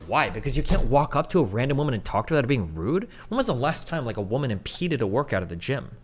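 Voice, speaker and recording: Fast, animated, profane ranting man. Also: mid-range voice, breathy edge. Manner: blunt, profane, heated ranting; mocking put-on voices when quoting others. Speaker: streamer. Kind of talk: livestream rant to chat.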